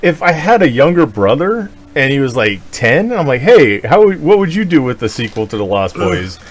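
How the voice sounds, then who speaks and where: A man's voice: medium pitch, normal speed, hardly any pauses, slight background noise. A man co-hosting a podcast in casual chat, ranting with lots of swearing and laughter. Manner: profane, animated, laughing rants. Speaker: podcast co-host.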